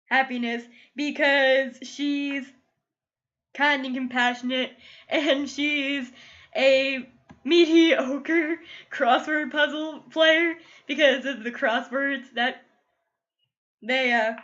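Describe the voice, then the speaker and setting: A woman's voice: sits high, fairly even intonation, slow pace, a bit bright, dull audio. A woman gushing casually through a TV episode review, emotional and full of "like" fillers. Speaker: TV show reviewer. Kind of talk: casual solo review vlog.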